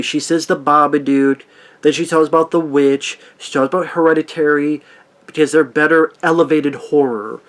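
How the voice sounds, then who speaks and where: A man ranting angrily and sarcastically in a profane movie review. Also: on the high side.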